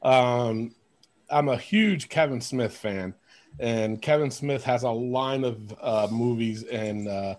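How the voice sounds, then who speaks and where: A man hosting a podcast, telling stories in an animated, casual way, laughing often and swearing. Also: mid-range voice, slow pace. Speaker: podcast host. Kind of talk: casual chat.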